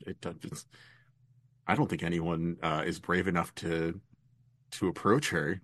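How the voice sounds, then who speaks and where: A man playing a tabletop role-playing game, speaking in character with dry, halting phrasing. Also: low-pitched, fairly even intonation, fairly bright tone, no room sound. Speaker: player.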